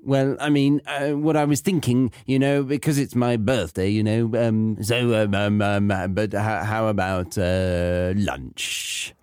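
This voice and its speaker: A man doing a fussy British busybody, stammering, dithering, low voice, smooth and clear, dry sound. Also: little pitch movement, measured pace, darkish tone, no room sound, natural voice. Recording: phone prank call.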